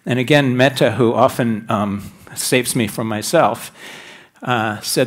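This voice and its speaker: A man's voice: medium pitch, fairly even intonation, measured pace. A middle-aged man giving a technical talk on stage at a conference, chatty and self-deprecating, often restarting his sentences. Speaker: conference speaker. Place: large conference hall.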